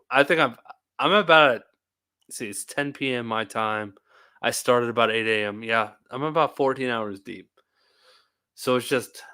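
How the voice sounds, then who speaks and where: A man's voice: medium pitch, bright, forceful tone, clean tone. Tired, rambling male live-streamer. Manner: rambling, tired and talkative, laughs often. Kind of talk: casual live-stream chat.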